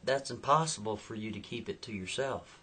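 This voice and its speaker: A man voicing a creepy, menacing male stranger who drives a car, calm and threatening. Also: lowish voice, moderate pace, husky.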